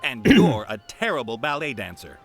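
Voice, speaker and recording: Captain Nate, a cocky sky rogue. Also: male voice, medium pitch, big pitch swings, moderate pace, fairly bright tone, soft background music. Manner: cocky, jokey, laughing. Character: cocky male sky captain and treasure hunter.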